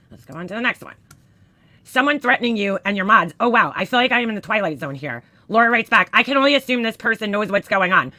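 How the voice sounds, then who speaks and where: Bright-voiced woman cursing through commentary. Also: medium pitch, no room sound. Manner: profane, exasperated, reads quotes aloud with emphasis. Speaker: commentator reading screenshots. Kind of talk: casual commentary.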